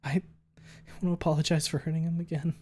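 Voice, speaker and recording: A high, volatile young woman put on by a man reading aloud who swings between raging screams and soft sobs. She swears constantly and loudly. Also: level tone, fast talker. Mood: sobbing. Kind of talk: dramatic reading of a story.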